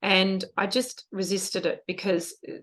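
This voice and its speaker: A woman's voice: mid-range voice, level tone, unhurried, fairly bright tone. A middle-aged woman co-hosting a podcast, talking in an earnest, emotional, reflective way about parenting and feelings. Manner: earnest, emotional, spiritual wording. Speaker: podcast co-host. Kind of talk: casual reflective chat.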